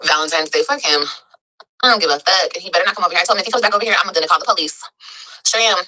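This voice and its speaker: A woman's voice: on the low side, very fast, bright, forceful tone, poor audio. A woman in a casual chat, telling her story with slang, cursing and laughing asides. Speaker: guest in a played clip.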